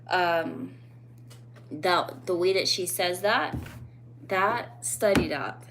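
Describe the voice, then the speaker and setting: Blunt, animated woman vlogging. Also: fairly low pitch, slow pace, gravelly, slight background noise. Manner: blunt, animated, rising to emphatic peaks; loose, rambling phrasing with fillers. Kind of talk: casual opinion vlog.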